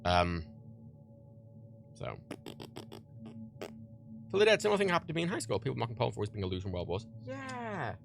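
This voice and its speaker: A man's voice: mid-range voice, huge pitch swings, a little fast, gravelly, long pauses, faint music behind. A man from Ireland, hosting a livestream, chatting casually and rambling with repeated words and fillers while he packs prints at home. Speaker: livestream host. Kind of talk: casual chat while packing orders. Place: home workspace, packaging prints.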